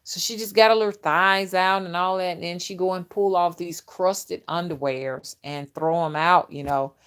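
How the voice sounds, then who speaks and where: A spiritual reader talks in a blunt, graphic, unfiltered casual monologue and often laughs. Her voice sits somewhat low for a woman. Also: fairly even intonation, normal speed, fairly bright tone, clear, resonant tone.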